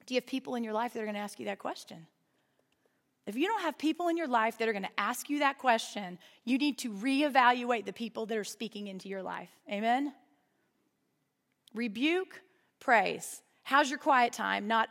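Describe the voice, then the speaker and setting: A young women's ministry speaker delivers a humorous, conversational sermon to a live audience, frequently asking them questions. Her voice is a little high and somewhat bright, with vocal fry and lively intonation at a moderate pace, and the recording carries long hall reverb.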